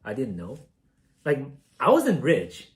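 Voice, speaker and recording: A man's voice: medium pitch, wildly swooping pitch, slow pace. A young man from South Korea casually telling a story while baking, rambling and self-deprecating, with many fillers. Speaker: streamer.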